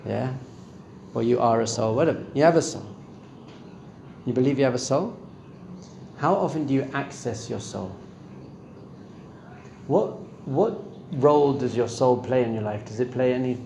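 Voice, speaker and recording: In a room with a live audience, a middle-aged man teaches a Torah class on meditation, chatting conversationally and questioning those listening. His mid-range voice is mellow with vocal fry, and the sound is roomy with slight background noise.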